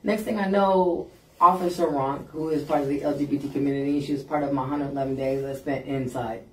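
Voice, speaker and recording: A woman guest on a podcast telling a story in a blunt, animated way and acting out what people said. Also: sits low, a little fast, a little hiss or hum. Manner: blunt, animated, acts out quoted lines. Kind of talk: casual storytelling. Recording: roomy sound, mic at a distance.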